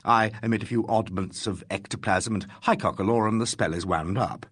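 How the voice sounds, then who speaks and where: A man voicing a calm, wry police inspector in a classic mystery audiobook. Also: lowish voice, a little fast, husky.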